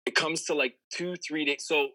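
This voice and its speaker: A man's voice: fairly high pitch, fairly even intonation, moderate pace, bright, forceful tone, poor audio. A man telling a long personal story in casual chat, rambling with plenty of fillers and swearing. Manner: rambling, profane, lots of fillers.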